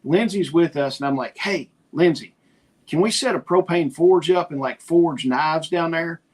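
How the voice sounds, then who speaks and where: At a moderate pace and in a slightly high voice, a middle-aged podcast co-host chats casually. He's a storyteller who gives animated retellings of conversations.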